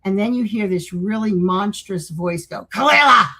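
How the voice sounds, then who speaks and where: Husky older woman telling stories. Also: medium pitch, steady tone, normal speed, darkish tone, low-quality recording. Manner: rambling, with many restarts and acted-out quotes. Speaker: guest. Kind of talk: casual interview storytelling.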